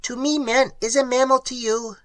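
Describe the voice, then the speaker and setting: Man voicing a shrill clicking alien creature. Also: steady tone, normal speed, sharp tone. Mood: placid. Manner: placid and literal. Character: alien cave creature, calm, flat, literal-minded. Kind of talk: audiobook character reading.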